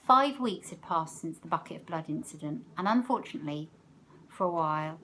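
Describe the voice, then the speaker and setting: A woman teacher reading a novel aloud, expressive, letting her loudness rise and fall with the story. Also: mid-range voice, a little hiss or hum.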